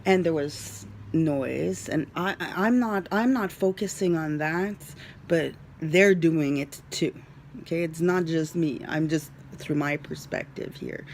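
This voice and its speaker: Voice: medium pitch, takes it slowly, vocal fry, slight background noise. A vlogger casually retelling a dream to their viewers, rambling with many fillers and sometimes dropping into a whisper. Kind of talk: casual storytelling to camera.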